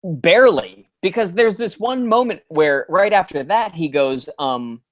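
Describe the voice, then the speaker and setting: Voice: medium pitch, expressive, a little slow, highs cut off. Chatty podcast co-host recapping an episode. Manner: acts out characters' lines with mocking quotes; frequent restarts and filler words. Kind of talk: casual recap chat.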